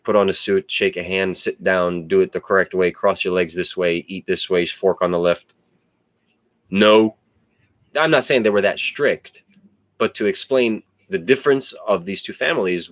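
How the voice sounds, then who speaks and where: A man casually telling personal stories in an animated, digressive way, swearing freely. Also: low-pitched, no room sound. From United States. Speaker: podcast host.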